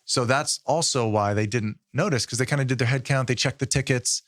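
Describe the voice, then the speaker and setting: A man in his thirties co-hosting a podcast, explaining things in a measured, casual way with frequent ums. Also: mid-range voice, dry recording, clean studio sound. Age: 30s. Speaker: podcast co-host. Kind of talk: casual chat.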